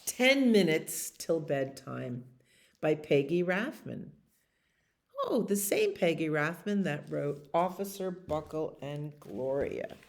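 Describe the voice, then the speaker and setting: A woman librarian reading a bedtime story aloud to children, gentle and expressive, with chatty asides. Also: deep voice, slow pace, vocal fry.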